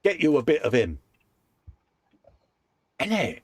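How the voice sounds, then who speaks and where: A man with a slightly high, slightly rough voice co-hosts a casual live modelling show from a hobby workshop, speaking slowly with huge swings in pitch on a dry recording. He reads viewer comments aloud and praises model builds in a chatty, upbeat manner, laughing often and saying "mate" a lot.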